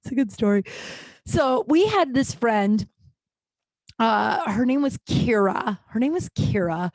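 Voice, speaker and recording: A woman, hosting a casual solo podcast and retelling funny stories in a chatty, animated way with frequent laughs. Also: a little high, unhurried, dry recording. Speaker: podcast host.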